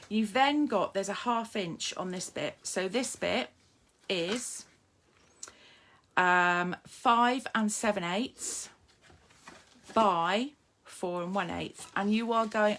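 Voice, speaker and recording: A woman's voice: mid-range voice, fairly bright tone, slight background noise. Chatty woman demonstrating card-making live. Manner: chatty and self-mocking, greets viewers while working. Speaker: papercraft demonstrator.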